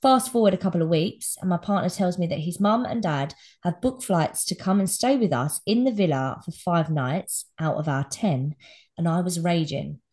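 A woman co-hosting a podcast in casual chat, animated and cheerfully sweary, reading out listener dilemmas. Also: on the low side, moderate pace. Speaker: podcast co-host.

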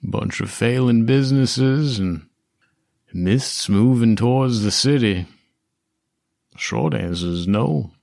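A man's voice: mid-range voice, creaky, a little mellow, dry recording, clean studio sound. A man doing a drawling cowboy businessman. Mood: easygoing. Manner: slow, drawling, folksy. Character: slow-striding cowboy-hatted man, smooth talker.

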